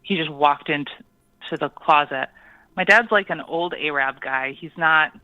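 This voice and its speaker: A caller on a call-in radio show recounts a spooky personal story, hesitant and full of pauses and ums. The voice sits at a middling pitch and sounds dry and muffled, as if heard down a dull phone line. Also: clear, resonant tone, no echo.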